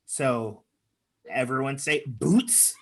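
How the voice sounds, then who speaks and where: A man's voice: mid-range voice, extremely slow, noisy background. Encouraging man coaching on a video call. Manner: chatty and encouraging, with frequent fillers. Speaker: speaking coach leading an online workshop. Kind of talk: workshop talk with improv exercises.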